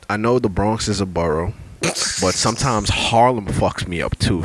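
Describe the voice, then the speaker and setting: Profane New storyteller man. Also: on the low side. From Brooklyn, New York. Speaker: podcast co-host. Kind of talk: casual chat.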